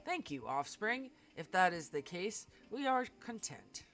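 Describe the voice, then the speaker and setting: A woman's voice: on the low side, big pitch swings, measured pace, fairly bright tone, faint music behind. A woman reading a game aloud, voicing a formal alien being who speaks as a collective "we", in a stiff, precise manner.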